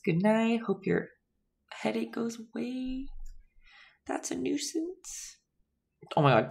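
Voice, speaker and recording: A young woman with a gravelly voice on the low side runs a live painting lesson. She keeps things chatty, talking casually with chat viewers as she works.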